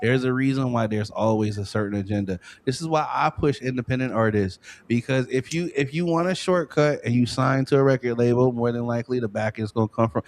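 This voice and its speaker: A man's voice: medium pitch, brisk, few pauses, a little mellow. A man co-hosting a podcast in casual chat, ranting emphatically with rising rhetorical questions. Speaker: podcast co-host.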